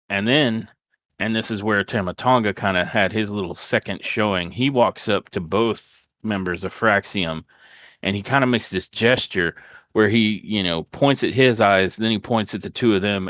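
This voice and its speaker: A man's voice: fairly low pitch, fairly bright tone, no echo, clean studio sound. A man co-hosting a casual wrestling podcast, recapping the show with sarcastic asides and mocking impressions of the wrestlers. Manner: sarcastic, acts out wrestlers' lines in mocking voices. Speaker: podcast co-host.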